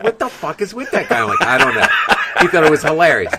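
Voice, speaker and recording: A man, a comedian guest on a podcast, chatting casually with lively swearing and bursts of laughter. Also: medium pitch, quick pace, heavy background noise. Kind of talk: casual chat.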